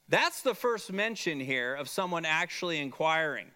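A man's voice: fairly high pitch, expressive, measured pace, few pauses, pushed and bright, smooth. A man teaching a Bible lesson to a class, explaining verse by verse with many "uh"s and frequent checks of "okay?".

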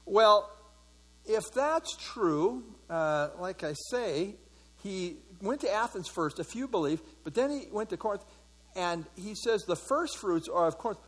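Male pastor, slightly high pitch, conversational Bible study teacher who quizzes his audience. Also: fairly bright tone, breathy edge. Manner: conversational, asks the audience questions, many fillers.

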